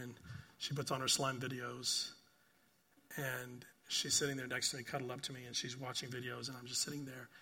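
An older man preaches a sermon at medium pitch, with a little hiss or hum in the recording. This pastor tells stories earnestly, repeats phrases, and keeps asking "right?", rising to emphatic bursts and then quieting down softly.

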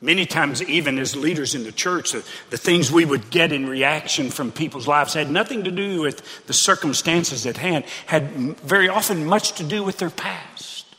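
A man's voice: a little high, normal speed, hardly any pauses, bright, forceful tone. A pastor preaching a sermon in an earnest, conversational way, often repeating his phrases. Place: church sanctuary. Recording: preacher in a reverberant sanctuary.

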